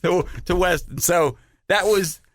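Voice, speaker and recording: An older man co-hosting a podcast, telling anecdotes in a casual, animated way. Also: sits high, a little slow, no echo, studio quality. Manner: animated, acts out voices in anecdotes. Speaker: podcast co-host. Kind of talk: casual storytelling chat.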